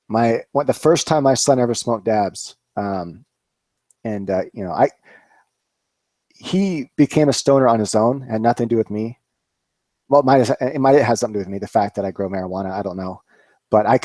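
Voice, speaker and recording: Rambling low-voiced grower man. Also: darkish tone, no room sound. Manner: rambling, many fillers, swears freely. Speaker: cannabis grower, channel host. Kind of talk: casual live-stream chat.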